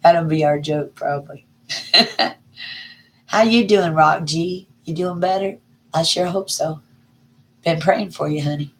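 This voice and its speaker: Lady host on a live chat, lowish gravelly voice, chatty and folksy, calls folks honey. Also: slow pace, pauses often. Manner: chatty, greets viewers by name, folksy "y'all" and "honey". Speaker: livestream host. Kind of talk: casual live chat reading viewer comments.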